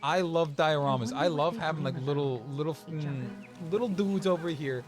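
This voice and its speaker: A young man streaming a game and chatting casually, rambling with many restarts and quick laughs. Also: fairly high pitch, music in the background. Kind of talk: casual chat while gaming.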